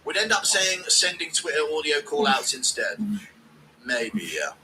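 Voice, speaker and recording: A man's voice: fairly high pitch, big pitch swings, measured pace, pushed and bright, a little hiss or hum, low-quality recording. A man streaming a casual watch-along, joking crudely and reading out donations.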